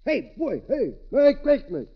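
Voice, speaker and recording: A man's voice: very high voice, huge pitch swings, moderate pace, breathy edge, heavily acted. An actor playing a tipsy, wisecracking man on Christmas, with slurred, rambling drunk patter, in 1940s radio comedy style. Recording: noisy dull old radio broadcast.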